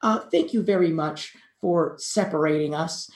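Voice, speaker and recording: A woman's voice: sits low, moderate pace, darkish tone, close to an everyday voice. A woman playing a fussy, apologetic bush baby spirit. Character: gentle polite female bush baby spirit. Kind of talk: tabletop role-play. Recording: roomy echo.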